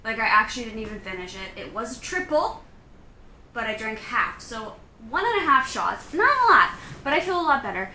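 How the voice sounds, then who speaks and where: A young woman vlogging in a casual, chatty way, telling stories with lots of "like" and quick laughs. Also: on the high side, expressive, bright, forceful tone, roomy sound, slight background noise. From Canada. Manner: bubbly, chatty storytelling with frequent "like" and laughs. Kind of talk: casual vlog chat.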